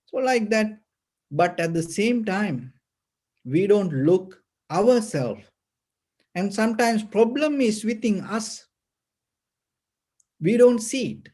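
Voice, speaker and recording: A man gives a Buddhist sermon in a very slow, unhurried delivery. His speech is halting, with fillers and restarts. His voice sits fairly high for a man but sounds dark and mellow. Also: animated. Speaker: Buddhist teacher.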